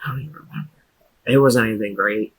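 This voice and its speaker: A young man co-hosting a podcast in casual chat, laid-back and quick to laugh. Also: lowish voice, fairly bright tone, slight background noise, poor audio. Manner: laid-back, laughs easily, drawls "dude". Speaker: podcast co-host.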